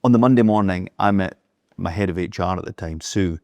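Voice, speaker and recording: A man's voice: low voice, fairly quick, gravelly, a little mellow, no room sound. A middle-aged man, a business leader telling anecdotes as an interview guest, acting out the dialogue as he goes. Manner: anecdotal, acts out dialogue in the retelling. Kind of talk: storytelling in casual conversation.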